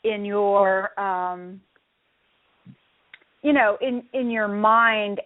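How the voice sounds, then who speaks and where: A woman hosting a radio interview, asking gentle, hesitant questions with restarts. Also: mid-range voice, drawn-out words, dry recording. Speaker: radio show host. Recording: dry tinny phone-like sound.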